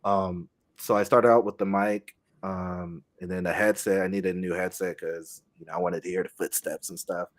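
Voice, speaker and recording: Man, young adult, lowish voice, halting, casual podcast guest. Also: fairly even intonation. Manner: halting, many fillers and restarts, soft-spoken. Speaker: guest streamer.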